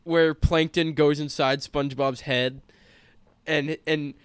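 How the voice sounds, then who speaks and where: A man's voice: on the high side, fairly even intonation, slow pace, clean tone, no echo, clean studio sound. A young man co-hosting a podcast, chatting casually with lots of swearing, restarts and joking. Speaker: podcast co-host. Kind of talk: casual chat.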